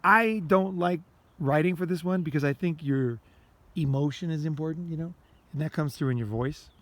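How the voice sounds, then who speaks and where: A fairly high, slightly bright voice at a moderate pace belongs to a self-help podcast host recorded with no echo while he walks outdoors. He rambles casually and repetitively, swears a lot, and acts out inner rants.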